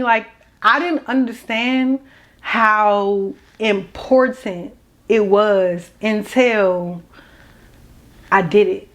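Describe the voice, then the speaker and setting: Young woman, slightly high voice, rambling, candid, emotional vlog. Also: normal speed, fairly bright tone, lo-fi sound. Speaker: vlogger.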